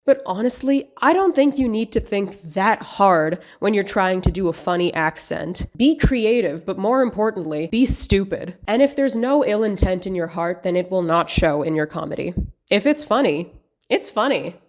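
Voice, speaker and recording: Woman essayist, dry sardonic delivery, mid-pitched. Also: lively intonation, normal speed. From United States. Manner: dry, sarcastic humor. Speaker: video essay creator. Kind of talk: scripted video essay commentary.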